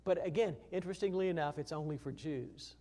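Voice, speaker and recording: A man teaching through a Bible passage in a conversational, folksy way, with many fillers and restarts, getting louder for emphasis and quieter for gentle points. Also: a little fast. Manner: rises in pitch and volume for emphasis, drops low for tender points.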